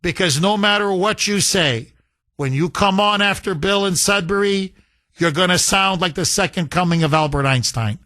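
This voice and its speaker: A man's voice: high-pitched, normal speed, sharp tone, dry recording. A man hosting a talk radio show, delivering a heated, scornful monologue with emphatic repetition into a studio microphone.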